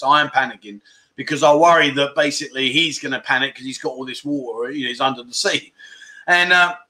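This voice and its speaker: A middle-aged man with a slightly high, pushed and bright voice hosts a casual livestream. He chats and jokes while reading out viewer comments.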